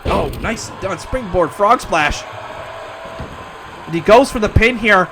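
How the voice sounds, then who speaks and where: A man calling wrestling play-by-play, excitable and breaking into shouts at near-falls. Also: sits high, slow pace, background noise. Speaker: wrestling commentator. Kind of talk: play-by-play commentary.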